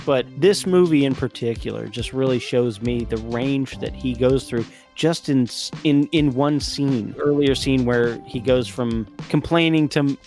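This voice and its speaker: A man's voice: mid-range voice, unhurried, hardly any pauses, darkish tone, soft background music. A man co-hosting a film review podcast, chatting casually and laughing often while retelling movie lines. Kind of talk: casual chat.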